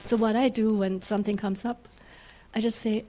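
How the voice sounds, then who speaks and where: A woman minister gives a gentle spiritual talk in a middle-range voice, laughing often as she leads her listeners through slow breaths. A faint hum of room noise sits behind her. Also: mid-range voice, fairly even intonation. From German-speaking Europe. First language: German. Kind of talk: spiritual talk with guided exercises.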